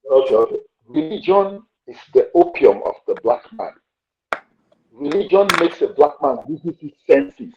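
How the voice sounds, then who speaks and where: A man's voice: on the high side, wildly swooping pitch, normal speed, vocal fry. Emphatic man on a poor connection. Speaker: debate panelist. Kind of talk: online debate. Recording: poor VPN connection, muffled.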